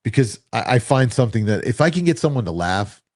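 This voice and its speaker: A man co-hosting a casual chat, telling self-assured, animated stories about selling. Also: mid-range voice, fast talker, dry recording, studio quality. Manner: animated, anecdotal, self-assured salesman talk. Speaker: co-host.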